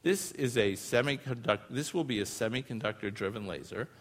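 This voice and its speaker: A man's voice: mid-range voice, animated, a little fast. A man giving a live public science talk to an audience, explaining in a casual, conversational way with frequent asides and tag questions. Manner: casual and explanatory, often using filler phrases and tag questions. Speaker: lecturer presenting research. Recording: long reverb from a large hall.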